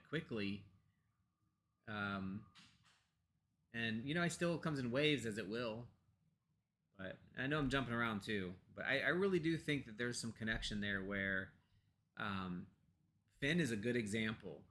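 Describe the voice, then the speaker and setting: A bright, clear-voiced American man rambles through a casual home chat, full of fillers and restarts. His voice comes through a computer mic with a faint hiss behind it. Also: mid-range voice. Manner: talks softly to pets off to the side. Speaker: co-host of a pagan discussion show.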